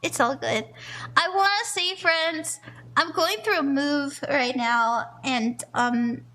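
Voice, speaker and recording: A woman's voice: high-pitched, takes it slowly, pushed and bright. A tired woman streamer giving palm readings in casual chat, laughing often. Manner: giggly and sleepy, laughing often. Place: room with echo.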